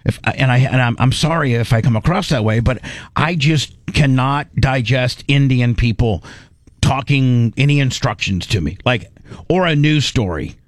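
A man hosting a podcast in casual chat, talking in halting, rambling, self-deprecating bursts. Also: medium pitch, no echo, studio quality. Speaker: podcast host.

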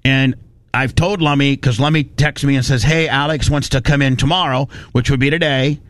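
A man hosting a radio show, telling a story in a fired-up, animated rant and quoting people as he goes. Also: medium pitch, moderate pace, no room sound. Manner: animated, fired-up, quotes people in his retelling. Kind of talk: casual on-air storytelling rant.

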